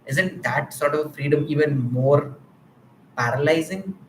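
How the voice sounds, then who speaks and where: A man's voice: a little high, unhurried, reverberant, a little hiss or hum, poor audio. Rambling Indian-accented man livestreaming. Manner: rambling, self-reflective, thinks aloud. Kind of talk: unscripted live-stream musing. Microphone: mic with camera.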